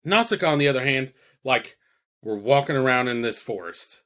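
A man's voice: medium pitch, animated, moderate pace, a bit bright. A man co-hosting a podcast, chatting casually about films in a rambling, profane way, full of fillers and quoted asides. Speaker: podcast co-host. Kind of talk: casual chat reviewing films.

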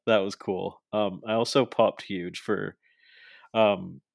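A young man casually recapping a wrestling show in a chatty, animated way. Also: lowish voice, takes it slowly, vocal fry, no echo, clean studio sound. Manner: chatty, animated, acts out quoted lines. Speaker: podcast co-host.

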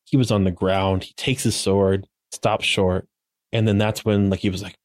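A man's voice: low voice, flat delivery, normal speed, dry recording, clean studio sound. A man co-hosting a podcast, retelling episode events in a loose, filler-heavy way. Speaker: podcast co-host. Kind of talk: casual episode recap.

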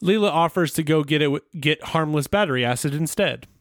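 A man's voice: fairly high pitch, lively intonation, fairly quick, no echo, clean studio sound. A man co-hosting a casual podcast chat about a cartoon, laughing often and speculating. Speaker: podcast co-host.

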